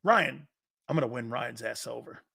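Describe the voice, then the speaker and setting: A man's voice: mid-range voice, expressive, moderate pace, vocal fry, bright, forceful tone, breathy edge. A middle-aged man hosting a sports talk stream, joking and swearing as he reads viewer comments aloud. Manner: brash, joking, profane banter with chat. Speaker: sports talk show host.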